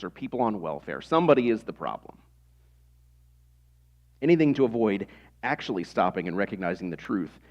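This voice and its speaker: Man preaching a sermon, lowish voice, conversational, rhetorical questions, dull lo-fi church recording. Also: a little mellow. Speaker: pastor.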